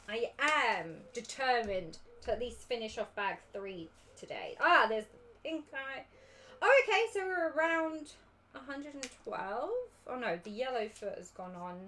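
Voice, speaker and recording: A woman's voice: fairly high pitch, a little slow, a bit bright, a little hiss or hum. A young woman with an English accent, chatting casually on a livestream as a cosplay judge while she works on a craft project. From England. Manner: chatty, giggly, rambling.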